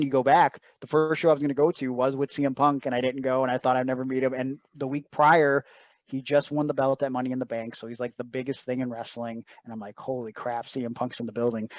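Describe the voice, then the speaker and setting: A man's voice: medium pitch, no echo. A man telling a personal story as an interview guest, earnest and emotional, often quoting others in asides.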